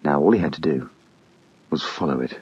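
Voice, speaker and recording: Male audiobook narrator, measured steady delivery, dry close sound, dull lo-fi recording. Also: rumbling low, slightly rough, no room sound.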